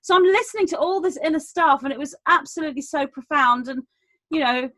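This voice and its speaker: High-voiced woman telling a personal story. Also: a little fast, dry recording. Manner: earnest, animated retelling with many restarts. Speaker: round table guest. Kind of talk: personal storytelling in an online panel.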